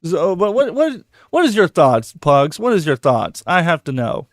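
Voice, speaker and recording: Excitable, foul-mouthed podcast host man. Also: fairly high pitch, normal speed, no room sound, studio quality. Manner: excitable, swears a lot, repeats words. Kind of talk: casual profane podcast chat.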